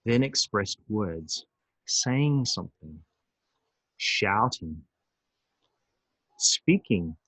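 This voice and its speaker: A man presenting a recorded webinar on emotions, animated and acting out angry outbursts. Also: mid-range voice, measured pace, no room sound, poor audio. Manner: animated, acts out angry voices.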